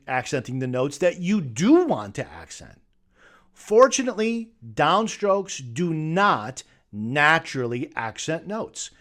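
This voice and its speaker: Emphatic man teaching guitar technique. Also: fairly high pitch. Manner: emphatic, debunking myths with rhetorical questions. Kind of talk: instructional talk to camera.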